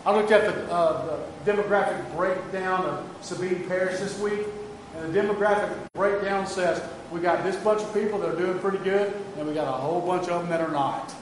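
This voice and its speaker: High-voiced pastor preaching. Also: male voice, fairly quick, background noise. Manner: earnest, emphatic preaching with repeated restarts. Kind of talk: sermon.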